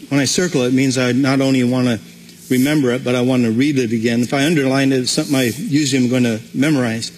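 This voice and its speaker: A man's voice: mid-range voice, fairly even intonation, fast, a little mellow, slight background noise. A man preaching a conversational sermon as pastor, with frequent restarts. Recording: long hall reverb.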